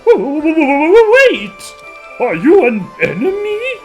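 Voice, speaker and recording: A man's voice: very high voice, big pitch swings, slow, pushed and bright, faint music behind, voice pushed up, exaggerated voice, low-quality recording. A man voicing a stiff, proud bird warrior who speaks in a formal, bombastic way. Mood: indignant.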